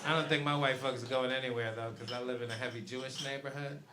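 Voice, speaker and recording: A man's voice: mid-range voice, fairly even intonation, quick pace, a crowd in the background. A man doing a stand-up set, telling a story, acting out the other people in it and swearing freely. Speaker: stand-up comedian. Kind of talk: stand-up routine. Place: comedy club stage.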